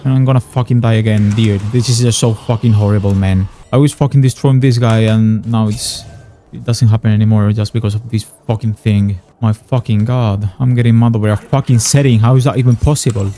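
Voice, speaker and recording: A man's voice: on the low side, fairly even intonation, fairly quick, mellow. A young man giving frustrated, sarcastic gameplay commentary, swearing often. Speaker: gaming YouTuber.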